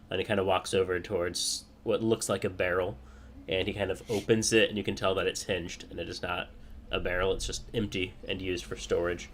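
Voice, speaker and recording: Low-voiced man running a tabletop game. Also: level tone, a little fast, a little hiss or hum. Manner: loose, hesitant with many fillers. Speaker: game master.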